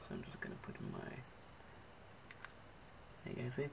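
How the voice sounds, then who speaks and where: A man with an Australian accent rambles casually while drawing, narrating as he works, correcting himself and often pausing to hunt for the right word. He talks at a normal speed over some background noise.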